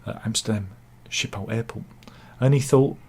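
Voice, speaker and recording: A man's voice: on the low side, moderate pace, darkish tone, slight background noise. A man giving casual satirical news commentary, full of wry self-mocking asides and mock-dramatic quips. He talks over pictures he shows. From England.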